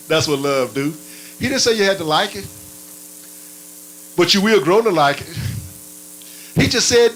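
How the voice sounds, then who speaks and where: A man preaching a sermon in a playful, animated way, his pitch swinging up and down and sometimes breaking into barking sounds. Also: slow pace, pauses often, poor audio.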